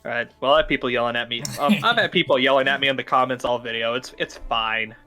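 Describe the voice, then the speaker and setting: Young guy chatting on a call, bright tone, lots of ums and restarts, faint music under it. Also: medium pitch, fast talker. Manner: chatty, hesitant, many fillers and restarts. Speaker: podcast host ranking cartoon foods. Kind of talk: casual chat.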